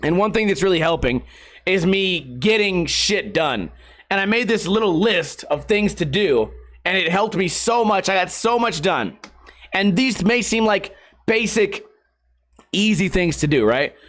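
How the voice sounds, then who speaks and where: A young man hosting a solo podcast, telling rambling, profane stories in a casual, animated way. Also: high-pitched, measured pace. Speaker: podcast host.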